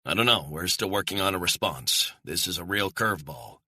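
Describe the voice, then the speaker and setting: A man's voice: deep voice, expressive, fairly quick, bright, forceful tone, slightly rough, no room sound, exaggerated voice. A man narrating an audiobook, voicing a blunt male covert handler who gives clipped orders over the phone. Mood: tense, blunt.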